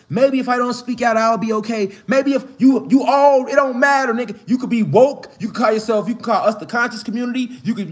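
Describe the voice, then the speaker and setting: A man with a strikingly high-pitched voice delivers a fiery, preaching-style monologue in heavy street slang. He talks outdoors in the mountains and climbs from low, steady talk into shouted emphasis. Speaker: online spiritual speaker.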